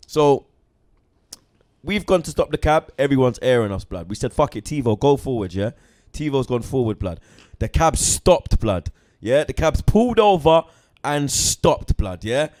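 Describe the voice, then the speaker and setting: A man tells a rowdy story on a casual football chat show. He swears freely and talks in heavy street slang. His voice sits a little on the high side. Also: a little mellow. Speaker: podcast host.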